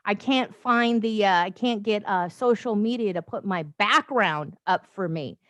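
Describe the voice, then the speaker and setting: A woman hosting a casual livestream from her phone, chatty and rambling, with animated asides and frequent laughs. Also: mid-range voice, a little slow, no echo. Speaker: life coach livestream host. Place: home, with noise outside.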